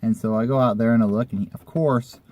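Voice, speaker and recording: A man with a warm, mellow voice tells a personal story at ordinary pitch. He rambles and chats loosely, like he's talking to friends in a casual vlog, and throws in the odd swear word. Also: fairly even intonation, fast. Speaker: vlogger telling a personal story.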